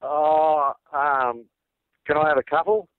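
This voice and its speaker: A man's voice: fairly high pitch, steady tone, slow pace, clean tone, dry recording. A man with an Australian accent calling in, chatting casually with laid-back, self-deprecating jokes. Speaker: phone-in caller. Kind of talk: casual chat. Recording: tinny phone line.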